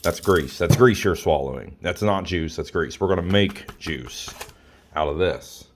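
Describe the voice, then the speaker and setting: With slight background noise, a man speaks low and unhurried while filming a casual cooking tutorial on his phone in his home kitchen. Blunt and crude, this home cook repeats his instructions over and over.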